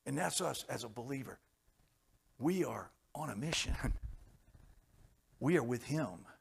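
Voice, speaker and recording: A man preaching a sermon, telling stories with folksy jokes and chuckles, swinging from hushed tones to loud, fervent passages. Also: mid-range voice, expressive, a little slow, vocal fry, slightly rough.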